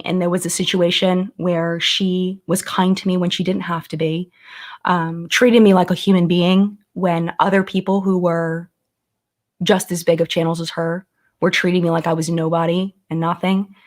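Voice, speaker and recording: A woman hosts a relaxed beauty live stream, chatting to her viewers and thanking them by name. Her voice sits a little low, and she turns earnest and thoughtful, often restarting her sentences as she works through a point. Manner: chatty, reads out and thanks commenters; earnest and reflective, with many restarts. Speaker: beauty YouTuber hosting a live chat. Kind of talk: casual live-stream chat.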